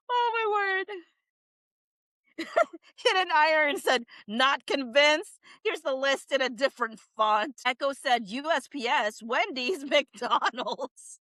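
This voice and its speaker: A young woman with a high, bright and very lively voice, chatting casually on a stream and reading comments aloud. She laughs often and exclaims in disbelief, speaking at an unhurried pace. The recording is dry and close. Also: no room sound, poor audio.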